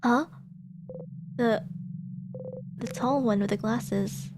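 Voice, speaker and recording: A woman's voice: fairly high pitch, very slow, background noise. A woman streamer reading game text aloud and reacting expressively, exclaiming and laughing between passages.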